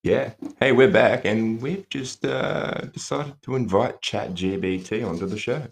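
A man's voice: medium pitch, measured pace, gravelly. A man co-hosting a podcast in loose, jokey casual chat with plenty of swearing. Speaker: podcast co-host. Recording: echoey room.

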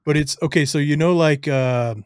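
A man's voice: fairly high pitch, moderate pace, a little mellow, clean tone, dry recording, studio quality. A man in his thirties, a podcast guest, chatting casually and rambling with lots of fillers. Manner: rambling, full of fillers and "right?". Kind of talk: casual chat.

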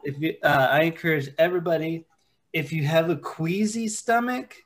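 A man's voice: on the high side, normal speed, slight background noise. A man co-hosting a casual podcast chat, talking loosely with lots of filler words.

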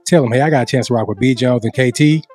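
A man co-hosting a sports talk podcast, trading quick, joking banter. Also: mid-range voice, darkish tone, breathy edge, faint music behind. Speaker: podcast co-host. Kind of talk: sports talk show chat. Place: Dallas.

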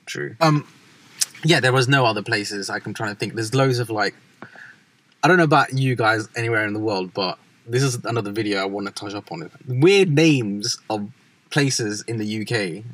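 A young man, chatting casually as a vlog co-host, animated and swearing freely. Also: fairly low pitch, normal speed. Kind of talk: casual chat.

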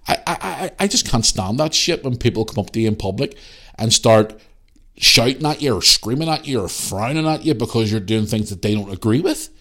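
A man in his thirties tells a story on his podcast, heated and profane. His pitch leaps up and down as he goes, lively all the way through. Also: brisk. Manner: heated storytelling, heavy swearing, animated re-enacted dialogue. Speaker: podcast host. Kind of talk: casual ranting monologue.

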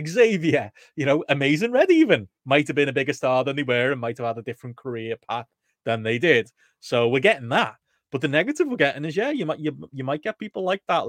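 A man's voice: mid-range voice, no room sound, studio quality. A man co-hosting a casual wrestling podcast, giving his opinions firmly. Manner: fast, opinionated. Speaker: podcast co-host.

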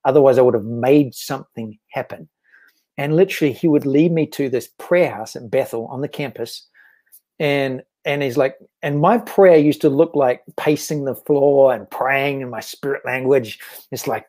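Earnest, mellow-voiced New man. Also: mid-range voice, normal speed. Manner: earnest and reflective, with frequent restarts. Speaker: guest author. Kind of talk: casual faith-focused interview talk.

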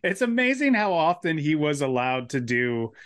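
A man's voice: fairly high pitch, sing-song, normal speed, fairly bright tone, clear, resonant tone, no echo, clean studio sound. A man chatting casually about films on a podcast, rambling with many restarts. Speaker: podcast co-host. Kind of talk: casual film podcast chat.

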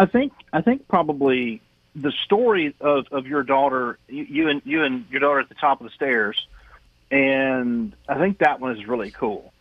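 A man hosting a casual chat speaks hesitantly, stumbling through repeated words. His voice is husky, and it comes through a thin, tinny phone-like line. The sound is dry. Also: medium pitch, no room sound. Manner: hesitant, stammering restarts. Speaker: host.

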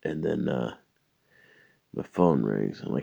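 Gravelly, very deep-voiced man ranting. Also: slow pace, pauses often, mellow, dry recording. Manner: exasperated, swearing, mimics people. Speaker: storyteller. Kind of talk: profane ranting anecdote. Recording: dry, slightly dull recording.

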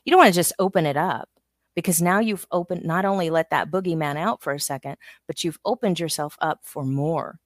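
A woman's voice: deep voice, brisk, dry recording, studio quality. A middle-aged woman from the United States, talking candidly and telling stories as a guest in a casual chat. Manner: candid, storytelling, self-interrupting.

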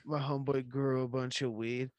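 A man in casual chat, laid-back and swearing, telling a drawn-out anecdote. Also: mid-range voice, little pitch movement, a little mellow, dry recording, highs cut off.

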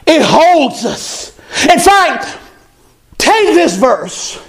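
A man preaching a sermon, emphatic and animated, repeating his key phrases. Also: very high-pitched. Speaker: pastor.

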